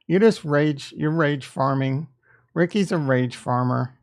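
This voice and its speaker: A man hosts a casual livestream and answers his chat directly, defensive one moment and joking the next. His voice sits a bit high for a man and carries a gravelly fry. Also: unhurried. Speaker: livestream host reading chat.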